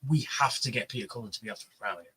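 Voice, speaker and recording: A man telling an animated story on a livestream panel, swearing freely and acting out the voices of the people he quotes. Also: lowish voice, racing, crowd noise, poor audio. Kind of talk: casual chat, storytelling.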